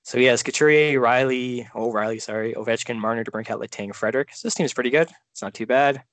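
A man co-hosting a casual fantasy sports podcast, talking in a relaxed way and thinking out loud as he trails off. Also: mid-range voice, fast, no echo. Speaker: podcast co-host. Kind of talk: casual fantasy draft chat.

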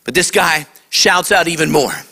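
A man preaching a lively sermon to kids, acting out voices and shouting at the high points. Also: normal speed, husky. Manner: animated, acts out voices. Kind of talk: sermon to a young audience.

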